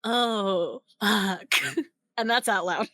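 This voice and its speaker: A woman's voice: mid-range voice, very slow, fairly bright tone, no room sound, clean studio sound. A woman playing a tabletop role-playing game, candid and playful, often laughing. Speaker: player.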